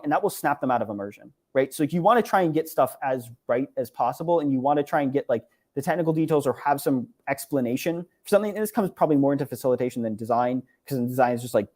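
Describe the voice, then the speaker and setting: A man's voice: medium pitch, lively intonation, rapid-fire, hardly any pauses, a little mellow. A young man giving an online conference talk over slides, casual and filler-heavy, with many "right?" and "like" tags. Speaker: conference presenter. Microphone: online talk, computer mic.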